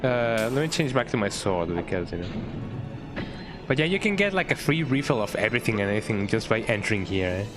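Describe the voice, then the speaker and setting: A man's voice: fairly low pitch, a little fast. A man streaming a video game, chatting casually and rambling, often ending phrases with a questioning "eh?". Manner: relaxed, rambling, tags phrases with "eh?". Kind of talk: casual gameplay commentary. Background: game music.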